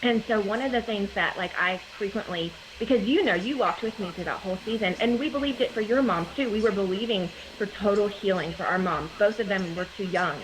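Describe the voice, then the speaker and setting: A woman's voice: mid-range voice, fairly quick, hardly any pauses. Chatty woman with faint hiss behind. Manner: earnest, chatty, many "like" fillers. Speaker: guest. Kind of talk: casual conversation. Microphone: video call.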